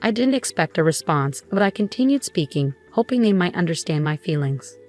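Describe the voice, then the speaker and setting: A woman narrating a personal drama story in the first person, in an even, steady way. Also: fairly low pitch, brisk, faint music behind.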